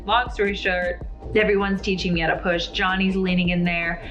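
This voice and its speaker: Chatty woman vlogger, slightly low voice. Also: little pitch movement, moderate pace, a bit bright, lo-fi sound, faint music behind. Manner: chatty, full of "like" and "um", candid. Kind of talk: casual storytelling to camera.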